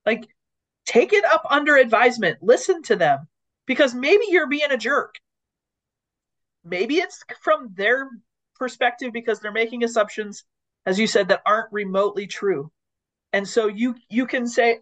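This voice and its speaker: A woman's voice: fairly high pitch, normal speed. A woman co-hosting a casual podcast conversation on leadership, telling stories and acting out what people said. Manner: animated storyteller who acts out quoted lines. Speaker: podcast co-host. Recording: dull lo-fi audio.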